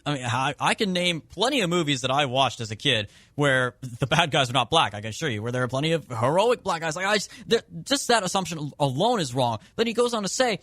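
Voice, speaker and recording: A man co-hosting a political podcast, firing off rapid, incredulous rebuttals in a slightly high voice. His mic is dry and set a little away from him. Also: expressive, bright, forceful tone, no room sound. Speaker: podcast co-host. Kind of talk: political commentary chat.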